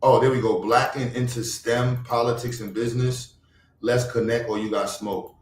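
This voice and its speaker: A man's voice: fairly even intonation, normal speed, far from the mic. Rambling guy, echoey room. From Brooklyn, New York. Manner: rambling, swings from loud outbursts to low mutters. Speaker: livestream host. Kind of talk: casual livestream chat. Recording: echoey room, away from the mic.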